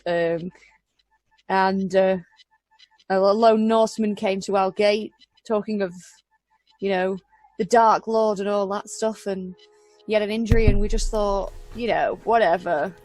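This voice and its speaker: A woman in a tabletop game session, recounting events in a hesitant, filler-laden way. Her voice sits at an ordinary pitch. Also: a little mellow, no room sound, poor audio. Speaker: player. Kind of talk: casual chat.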